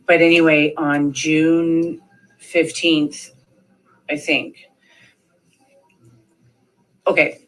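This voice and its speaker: Extremely slowly and with frequent pauses, a woman in her thirties recounts events in an interview, her deep voice barely moving in pitch. Faint music plays behind the poor audio, and her rambling, filler-laden account includes acted-out voices of people she quotes.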